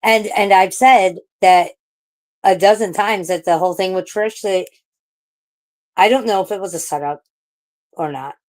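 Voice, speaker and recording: A woman's voice: mid-range voice, a little slow, long pauses. A woman from St. Louis in a casual livestream chat, ranting and rambling with lots of swearing and restarts. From St. Louis, USA. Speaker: livestream panel participant.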